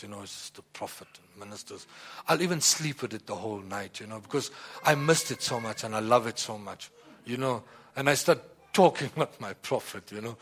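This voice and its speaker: A man giving a personal testimony in a rambling, halting way, often repeating "you know" and "like that.". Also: mid-range voice. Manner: halting, many restarts and fillers. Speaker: church member giving testimony.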